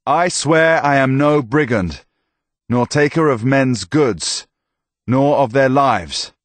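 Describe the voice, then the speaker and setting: A man's voice: medium pitch, slow, no echo, pitched above the performer's own voice, lightly acted. A man voicing an earnest young knight who swears his innocence emphatically.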